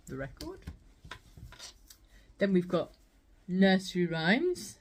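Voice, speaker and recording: Woman, thrift haul vlogger, rambling casual chat, slightly low pitch. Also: a little mellow. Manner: chatty, rambling, laughs often.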